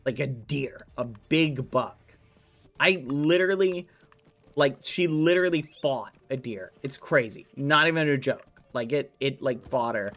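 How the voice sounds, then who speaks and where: A man's voice: mid-range voice, unhurried, a bit bright. Chatty man streamer telling stories. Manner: rambling storyteller, many fillers. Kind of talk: casual gameplay stream chat. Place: home room.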